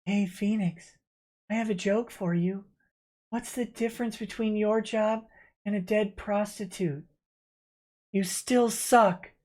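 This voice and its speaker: A man's voice: sits high, steady tone, slow, pauses often, a little mellow, pitched above the performer's own voice. A man voicing a cheeky, teasing young woman in a mocking, sing-song way.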